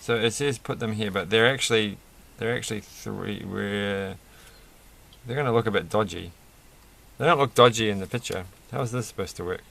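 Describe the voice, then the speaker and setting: A toy reviewer builds a set while rambling through self-mocking, off-the-cuff commentary and laughing at his own jokes. His voice is fairly low and fairly bright, with vocal fry and a moderate pace.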